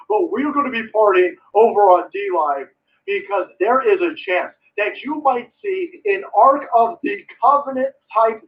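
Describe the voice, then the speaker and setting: High-voiced guy ranting on his stream, swears a lot, sounds far off and muffled. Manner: profane, sarcastic, loud. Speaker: live streamer. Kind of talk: ranting political commentary stream.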